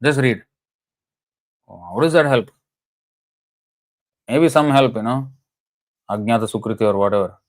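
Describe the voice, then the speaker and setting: A man at a mid pitch gives a relaxed, conversational scripture class. He tells anecdotes in a chatty, informal way, peppered with "you know"s. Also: unhurried, long pauses.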